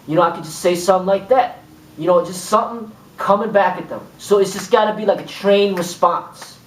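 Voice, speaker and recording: A man giving an informal spoken lesson as a kung fu instructor, rambling and acting out exchanges. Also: fairly quick. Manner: rambling, repeats "boom" and acts out exchanges. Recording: echoey room, mic far off.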